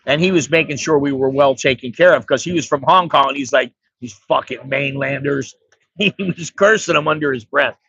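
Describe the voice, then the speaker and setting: A man's voice: fairly high pitch, fairly bright tone, dry recording. An American man telling a rambling, profane story in a blunt, casual way as an expat vlogger. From United States. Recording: dry, slightly dull recording.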